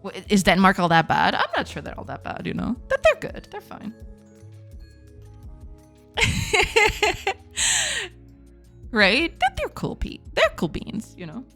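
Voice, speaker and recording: A woman's voice: mid-range voice, wildly swooping pitch, slow, pauses often, bright, forceful tone, soft background music. A woman from Portugal, a Portuguese native speaker, streaming game development and chatting with viewers, laughing often as she reads chat aloud. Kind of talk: casual live-stream chat.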